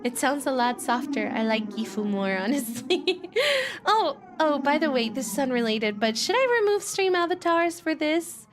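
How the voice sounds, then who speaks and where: A young woman streaming a visual novel and chatting live with her viewers, animated, with frequent gasps and laughs. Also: sits high, normal speed, noisy background. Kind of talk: casual live-stream chat.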